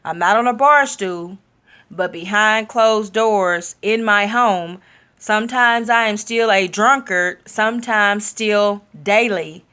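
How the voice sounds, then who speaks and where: A woman gives a sermon-style testimony with a medium pitch. She speaks candidly and personally. She draws out her main points slowly for emphasis. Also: pushed and bright, clean tone.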